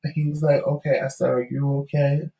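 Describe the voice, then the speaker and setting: A man's voice: a little high, flat delivery, brisk, creaky, warm tone. A man co-hosting a talk show, telling a story casually and acting out the voices of the people in it. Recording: echoey room.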